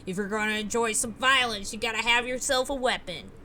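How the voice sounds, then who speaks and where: A woman's voice: on the high side, a little fast, pushed and bright, a little hiss or hum. Woman reading as a cocky young street punk. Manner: gruff, slangy tough talk.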